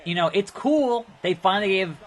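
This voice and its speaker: A man casually commenting while playing a wrestling video game, chatty and quick to react out loud. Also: high voice, lively intonation. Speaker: gaming video host. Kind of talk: casual let's play commentary.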